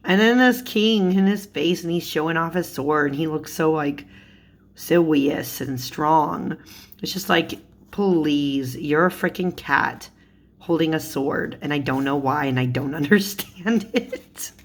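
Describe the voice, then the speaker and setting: A woman's voice: sits low, a little slow. A young woman chatting casually as she shows tarot cards, giggling often and filling her talk with "like". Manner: giggly, chatty, lots of "like" fillers. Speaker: tarot YouTuber. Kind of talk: casual chat showing cards.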